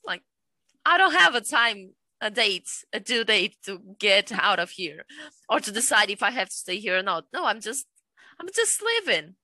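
Bright-voiced woman guest, non-native English. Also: medium pitch, sing-song, moderate pace, no echo. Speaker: podcast guest. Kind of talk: casual conversational chat.

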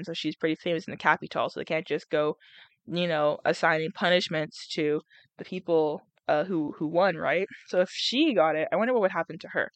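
A woman's voice: lowish voice, no room sound. A young woman reading a novel aloud and breaking off to chat and react, with laughs and groans between passages. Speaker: reader and vlogger.

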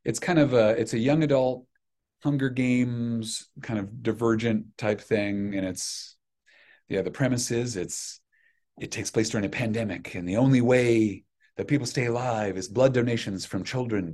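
A middle-aged man talking as a podcast guest, an animated, self-deprecating storyteller who restarts his sentences a lot. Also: medium pitch, normal speed. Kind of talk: casual chat.

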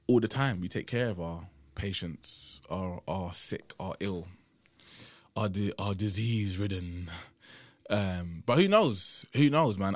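Recorded with no room sound, this low-voiced young man from the United Kingdom hosts a casual solo podcast. He sounds tired and drowsy, rambling along and frequently adding "man."

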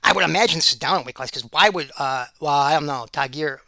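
A man's voice: on the high side, fast, sharp tone, dry recording. A man giving rambling solo commentary on fight picks, sarcastic and ranting, repeating himself.

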